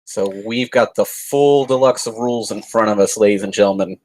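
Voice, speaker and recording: A man's voice: fairly low pitch, fairly quick, darkish tone, slight background noise, rough recording. Chatty man running show announcements. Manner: chatty, upbeat, self-promoting. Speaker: show regular. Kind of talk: casual announcements.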